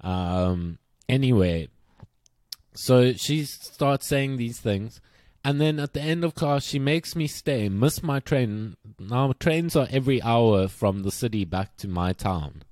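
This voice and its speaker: A man's voice: medium pitch, expressive, slow, a little mellow, no room sound. A young man co-hosting a casual podcast, telling a story with lots of swearing and mimicking the people in it. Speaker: podcast co-host.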